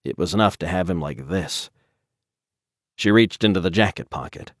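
A man narrating a dark story as an audiobook, in a measured, even storytelling manner. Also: low-pitched, gravelly, dry recording, clean studio sound.

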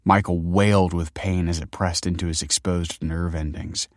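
A man narrating a dark, scripted story in a steady, grave manner. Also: sits low, normal speed, no echo, studio quality.

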